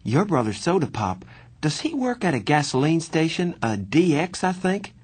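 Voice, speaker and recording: Man doing a sharp-tongued teen girl, cool, biting, higher pitch. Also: very animated, normal speed, slightly rough, no echo. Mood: friendly. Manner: biting, then softening. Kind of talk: audiobook narration.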